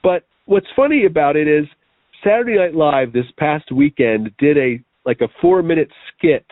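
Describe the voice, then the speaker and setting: An eager, talkative man co-hosting a review show in a relaxed back-and-forth. His voice sits a little higher than most men's. The sound is thin and narrow like a phone call, with no room echo at all. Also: moderate pace. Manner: enthusiastic and chatty. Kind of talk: casual chat. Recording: dry tinny phone-like line.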